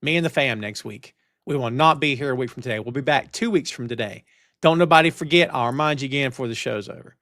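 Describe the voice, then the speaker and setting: A man's voice: mid-range voice, fast, a bit bright, dry recording, studio quality. A middle-aged man hosting a live wrestling chat show, ranting and talking straight to his chat. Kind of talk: casual live-stream chat. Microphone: headphones and studio mic.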